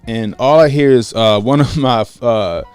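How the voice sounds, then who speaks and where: A man in his late thirties from Baltimore, hosting a casual livestream, greeting chat viewers and telling a story with lively acted-out quotes. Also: medium pitch, measured pace, clean tone, dry recording, soft background music. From Baltimore, USA. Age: 30s. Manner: animated, acts out quotes, greets chat by name. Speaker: livestream host.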